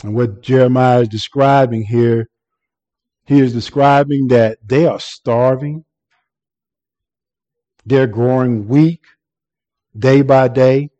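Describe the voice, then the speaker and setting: A man's voice: medium pitch, fairly even intonation, slow pace, long pauses, warm tone, dull audio. A man preaching an earnest expository sermon, often repeating words and restarting as he explains the text.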